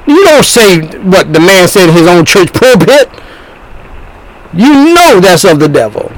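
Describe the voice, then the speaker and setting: A man preaching a sermon in an emphatic, animated way, often repeating himself. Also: sits high, unhurried, low-quality recording.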